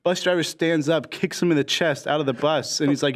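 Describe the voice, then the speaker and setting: A man's voice: fairly high pitch, quick pace. A young man on a casual podcast, telling a long shaggy-dog joke and acting out the characters' lines. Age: young adult. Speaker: podcast guest. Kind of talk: casual storytelling.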